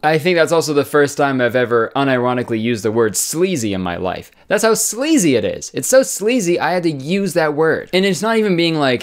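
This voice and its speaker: A man's voice: fairly high pitch, very animated, fairly quick, hardly any pauses, faint music behind. A young man giving sarcastic comedic commentary, ranting with swearing and exaggerated asides. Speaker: YouTube commentator.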